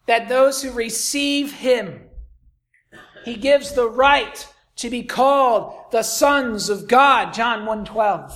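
A preacher delivering a sermon, swinging between raised, emphatic lines and hushed, near-whispered ones, and repeating key phrases for emphasis. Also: mid-range voice.

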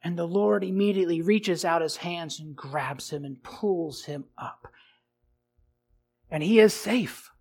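A man preaching a sermon in a notably high voice, asking his listeners question after question. He takes his time, moving between loud, stressed phrases and quiet, dropped lines. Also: measured pace, husky. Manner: asks the congregation rhetorical questions. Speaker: pastor.

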